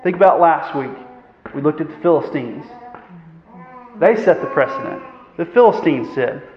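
Man, pastor preaching a sermon, slightly high voice, boomy church hall, muffled sound. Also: expressive, normal speed. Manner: earnest, asks the congregation rhetorical questions; frequent fillers and throat clearing. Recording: echoey hall, dull sound.

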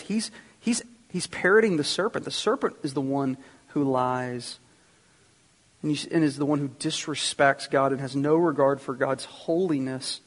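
A man preaching a sermon, teaching earnestly and speaking directly to the congregation. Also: medium pitch. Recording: long reverb of a hall.

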